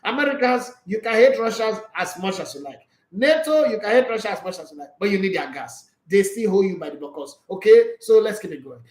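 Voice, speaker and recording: A man's voice: high-pitched, expressive, brisk, echoey room. A Nigerian man reading football transfer news aloud with opinionated asides and jokes slipped into pidgin. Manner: opinionated, joking asides in pidgin, laughs often. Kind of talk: casual chat reading and reacting to news.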